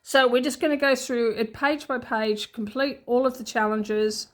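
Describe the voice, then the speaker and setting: A woman's voice: fairly high pitch, steady tone, moderate pace. An Australian woman chatting casually and unscripted as a budgeting vlogger at home, rambling and repeating herself as she goes. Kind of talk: casual unscripted vlog chat. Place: at home with her cat nearby.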